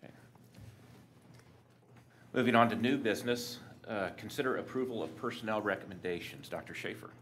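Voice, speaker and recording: A man's voice: lowish voice, fairly quick, pauses often, fairly bright tone, slight background noise. A man, the board president, chairing a school board meeting in formal procedural wording. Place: meeting room.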